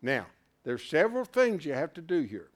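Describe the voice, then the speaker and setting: Animated high-voiced man teaching Bible class. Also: normal speed. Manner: animated, peppered with rhetorical questions and "right?"; repeats words and restarts as he thinks aloud.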